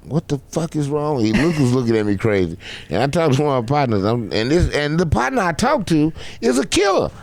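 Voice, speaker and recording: A man's voice: a little high, a little fast, gravelly, hardly any pauses. A man guest on a comedy podcast telling a story in casual chat, laughing often and acting out the lines of the people in it. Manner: animated, laughs often, acts out quotes.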